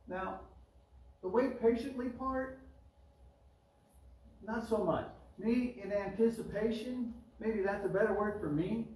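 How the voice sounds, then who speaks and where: A man's voice: high-pitched, slow pace, long pauses, a little mellow. A man preaching a sermon as pastor, in a chatty way, pushing his voice up on the words he stresses. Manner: conversational preaching, rising emphatic on key words. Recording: roomy echo, mic at a distance.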